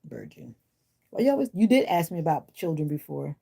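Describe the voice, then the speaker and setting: Low, gravelly, husky woman live-streaming. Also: very animated, fast talker, warm tone. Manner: chatty, answers comments, sassy and blunt. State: unwell. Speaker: livestream host. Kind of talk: casual livestream chat with viewers. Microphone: phone or device mic.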